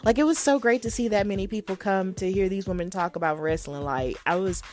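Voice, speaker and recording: Chatty woman podcaster telling a story solo, lots of likes and ums, soft music in the back. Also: mid-range voice, a little fast. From Alabama, USA. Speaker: podcast host.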